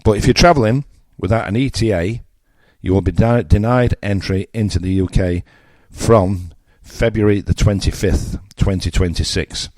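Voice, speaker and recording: Blunt older English radio presenter, low and dry. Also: male voice, moderate pace, hardly any pauses, a little mellow, no echo. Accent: Yorkshire English. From England. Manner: blunt, mocking, conversational with asides. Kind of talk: opinionated radio monologue.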